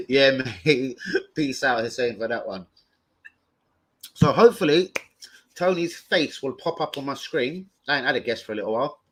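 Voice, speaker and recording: A man hosting a football fan livestream, talking in an excitable, sweary, rambling way. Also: fairly high pitch, a little hiss or hum. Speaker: host of a football fan show. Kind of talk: casual livestream chat.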